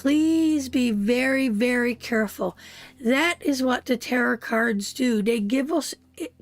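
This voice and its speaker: Woman tarot reader, high and unhurried, calling the viewer sweetheart; faint music behind. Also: no echo. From Canada. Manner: emotive, addresses viewer as sweetheart. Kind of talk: live tarot reading.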